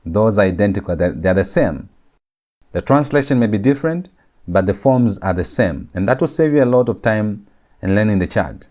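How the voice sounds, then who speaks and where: A man with a fairly low voice teaches a recorded grammar lecture. He drills every point, saying each rule and each form twice so students can follow. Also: lively intonation, normal speed, darkish tone. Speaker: Hebrew teacher.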